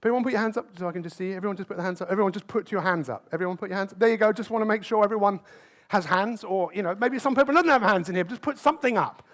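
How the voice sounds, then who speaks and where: A man giving a motivational talk on a conference stage, lively and constantly asking the audience questions. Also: high voice, rapid-fire. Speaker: motivational speaker.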